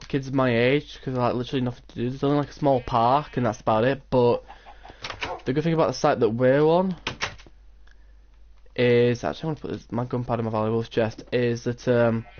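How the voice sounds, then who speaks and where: A teenage boy chats loosely over his gameplay and drifts from story to story, with "like" filling every gap. His voice sits at an ordinary pitch. The recording is dull and lo-fi, with a faint noise underneath. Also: a little fast. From England. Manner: rambling, storytelling with lots of "like". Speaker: gaming channel host. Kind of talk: casual gameplay chat.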